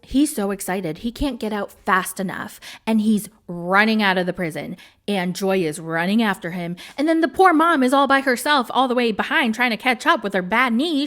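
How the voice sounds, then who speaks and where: A young woman hosting a casual reality-show recap, animated and sarcastic, cussing and laughing a lot. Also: medium pitch, normal speed. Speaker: host.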